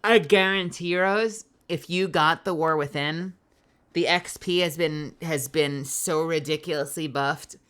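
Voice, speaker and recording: A woman's voice: deep voice, a little slow, a bit bright, smooth. A young woman streaming a game live, chatting casually with her viewers while she plays, sleepy and yawning. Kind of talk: casual gaming chat.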